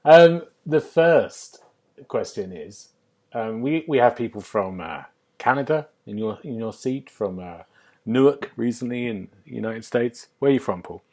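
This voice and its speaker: A man's voice: mid-range voice, expressive, measured pace, a little mellow. A man hosting a podcast over a remote call, laughing often and asking a guest questions with many "um"s. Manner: friendly interviewer, laughs often, asks questions with fillers. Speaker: podcast host. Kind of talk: casual podcast chat.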